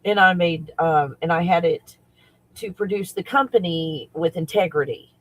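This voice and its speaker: A man who works as a spiritual coach talks casually on a livestream, excitable and rambling, often breaking into laughter. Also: on the high side, moderate pace, poor audio.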